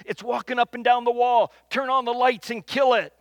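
A man's voice: steady tone, normal speed, no room sound. A man acting out his panicked young wife, who screeches and growls about a spider on the wall, in a told story. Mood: frantic. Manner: screeching, then low guttural whisper.

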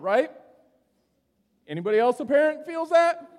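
A middle-aged man preaching a sermon in a church sanctuary, telling stories in a relaxed, conversational way and often checking in with "right?". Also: very high voice, moderate pace. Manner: conversational, storytelling, keeps asking "right?". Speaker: pastor. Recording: long hall reverb.

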